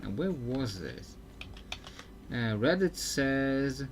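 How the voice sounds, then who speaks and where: A man's voice: mid-range voice, lively intonation, takes it slowly, slight background noise. A man streaming live gameplay commentary, chatty and thinking aloud with frequent fillers. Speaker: streamer playing a video game.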